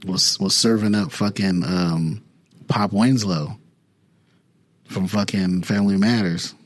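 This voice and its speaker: Husky young dude on a podcast, low voice, telling wild stories with lots of cussing. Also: male voice, slow. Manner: animated storyteller, profane, loose slang. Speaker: podcast co-host. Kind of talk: casual podcast chat.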